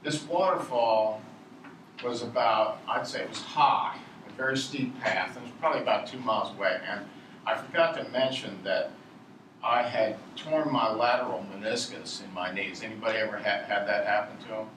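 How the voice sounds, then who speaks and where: A man's voice: lowish voice, normal speed, a bit bright, recorded from a distance. Guy from virginia spinning a rambling story, off mic in an echoey noisy room. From Virginia, USA. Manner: meandering, digressive, chuckles at his own tale. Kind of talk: rambling anecdotal storytelling to a live audience.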